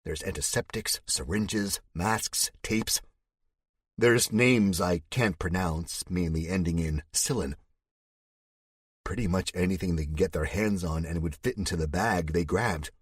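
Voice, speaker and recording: A man's voice: deep voice, measured pace, breathy edge, no room sound, studio quality. A man narrating a first-person thriller audiobook with a gritty, tense delivery.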